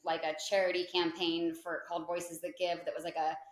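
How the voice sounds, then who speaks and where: A woman's voice: lowish voice, brisk. A woman in her thirties, a podcast guest, telling a story in a chatty way, full of "like" and acted-out quotes. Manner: chatty, peppered with "like" and lively quoted asides. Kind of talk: casual storytelling in an interview. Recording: echoey room.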